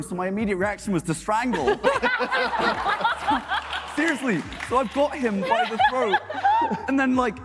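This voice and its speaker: A man on a convention panel telling a story in an excitable way, laughing and acting out the scene. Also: high-pitched, measured pace, pauses often, long reverb tail, very noisy. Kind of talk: animated storytelling on a convention stage. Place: large convention hall panel.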